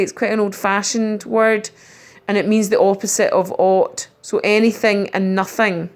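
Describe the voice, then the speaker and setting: A middle-aged woman gives a recorded spelling lesson at an unhurried pace. Her pitch sits mid-range as she carefully spells out letters and pauses on ums. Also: a little mellow. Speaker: primary school teacher.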